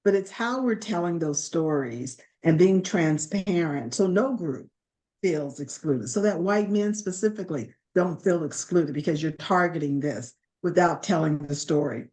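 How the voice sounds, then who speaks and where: A woman's voice: deep voice, unhurried, darkish tone. A woman hosting a webinar interview, asking long, thoughtful, rambling questions.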